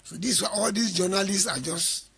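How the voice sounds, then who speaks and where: A man gives an interview, recounting events by quoting his own exchanges and insisting on his side. His voice sits high and bright, with a gravelly, husky edge. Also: normal speed. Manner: quotes himself and others in dialogue, insistent denials. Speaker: interview guest. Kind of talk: recounting a story in conversation.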